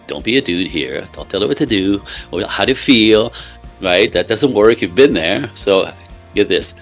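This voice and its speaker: A man with a fairly low voice talks as a relationship coach in an interview. He is emphatic and often tags his points with a quick "right?". Faint music plays softly underneath. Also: expressive. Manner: emphatic, keeps checking in with "right?". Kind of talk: interview guest explaining with examples.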